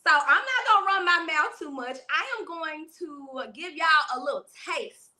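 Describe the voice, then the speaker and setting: A woman with a New Orleans accent hosts a livestream and talks straight to her chat. Her voice sits high and very bright. She laughs easily and bubbles with excitement as she greets people. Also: moderate pace. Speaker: livestream host.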